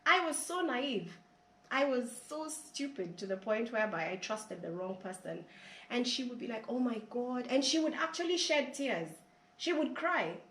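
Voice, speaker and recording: A woman's voice: fairly high pitch, big pitch swings, normal speed, fairly bright tone. A woman earnestly telling her own story in an interview, often repeating words. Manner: earnest, repeats herself, rising with emotion. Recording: roomy echo, faint background hiss.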